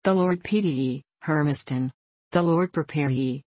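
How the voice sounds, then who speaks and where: A woman plays a forthright, loyal Scottish housekeeper with a low, husky voice. She scolds and laments in plain broad speech, read close and dry for a storybook. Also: normal speed, darkish tone, dry recording. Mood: lamenting.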